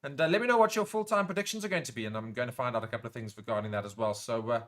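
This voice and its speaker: A South African man hosting a live rugby watchalong, chatting casually with viewers and breaking into excited play-by-play during big moments. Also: medium pitch, rapid-fire. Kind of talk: casual live commentary while reading chat comments.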